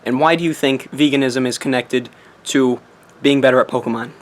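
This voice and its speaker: A young man vlogging from his apartment, joking in a deliberately ridiculous put-on accent and sermonizing in mock-serious fashion. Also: mid-range voice, steady tone. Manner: jokey, mock-preachy, laughs at himself. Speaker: competitive game player vlogging. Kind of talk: casual comedic monologue.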